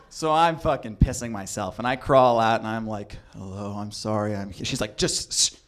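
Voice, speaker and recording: A young adult man telling a comedic true story, animated and acting out the people in it. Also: fairly low pitch, normal speed, few pauses. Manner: animated, acts out voices in quotes.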